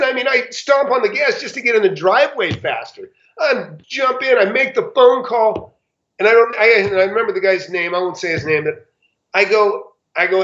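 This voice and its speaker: Animated high-voiced man telling stories. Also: moderate pace. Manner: animated, acts out quoted dialogue with big pitch jumps. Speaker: real estate investor guest. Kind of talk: casual anecdotal storytelling. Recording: echoey room, slightly dull sound.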